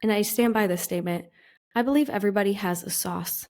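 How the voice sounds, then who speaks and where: A woman co-hosting a podcast, telling stories in casual chat with an expressive, up-and-down delivery. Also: medium pitch, fast talker. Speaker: podcast co-host.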